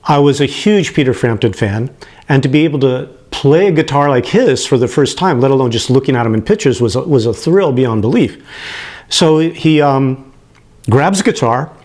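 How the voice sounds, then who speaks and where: A man in his late fifties telling a personal story, animated and prone to chuckling, who gets emotional as he talks. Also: mid-range voice, moderate pace. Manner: animated, acts out the people he quotes, chuckles as he talks.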